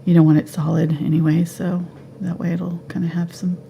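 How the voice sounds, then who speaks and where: A woman giving a live painting tutorial at home, relaxed and thinking aloud as she paints. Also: on the low side, a little fast, gravelly, slight background noise. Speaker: painting instructor.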